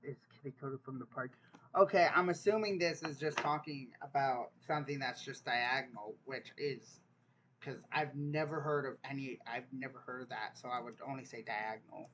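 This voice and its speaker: A man's voice: mid-range voice, moderate pace, a bit bright, a little hiss or hum. A young man, casually reacting to a dialect quiz, joking and incredulous as he thinks aloud. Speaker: vlogger taking an online dialect quiz.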